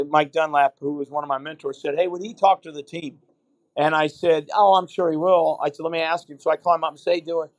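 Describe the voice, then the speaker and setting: A man's voice: on the high side, no echo, poor audio. A middle-aged man, a basketball coach and podcast guest, telling long anecdotes and acting out the conversations in them. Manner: anecdotal, retells conversations in quotes. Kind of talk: interview storytelling.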